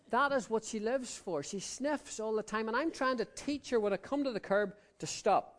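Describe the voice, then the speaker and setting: A man preaching a sermon in a fairly high voice. He restarts his phrases, repeating words as he goes, and sinks to a low, quiet murmur to drive a point home. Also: normal speed, few pauses. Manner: expressive, drops to a low murmur for emphasis.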